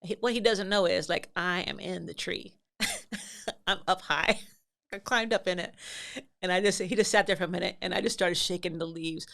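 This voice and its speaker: A woman's voice: on the low side, steady tone, normal speed, gravelly, fairly bright tone. A middle-aged woman, a podcast host and mother of many, telling a story in a chatty, self-deprecating way and often restarting her sentences. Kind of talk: casual anecdotal storytelling.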